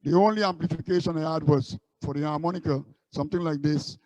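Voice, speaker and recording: A man's voice: fairly high pitch, steady tone, quick pace, a little mellow, poor audio. A man from Guyana, a street musician recalling his busking days in a loose, rambling way. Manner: rambling anecdotes with many restarts. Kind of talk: casual storytelling interview.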